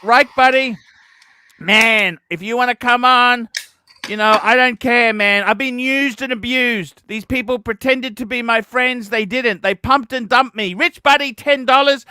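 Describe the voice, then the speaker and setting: A man hosting a livestream, ranting profanely and breaking into shouts. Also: very high-pitched, clear, resonant tone. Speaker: livestream host.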